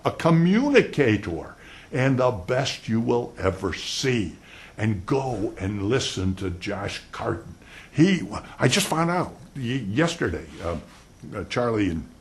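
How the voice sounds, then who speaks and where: An older man giving an animated law lecture on cross-examination, acting out both roles and swinging between loud and soft. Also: fairly low pitch. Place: lecture hall.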